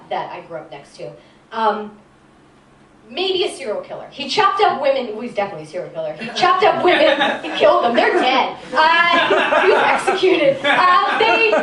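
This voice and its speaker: A woman's voice: a little high, fairly bright tone, slight background noise. A young woman from New Jersey doing a stand-up comedy set in a club, rambling and self-deprecating with lots of fillers. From New Jersey, USA. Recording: roomy club sound from a distance. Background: audience laughter.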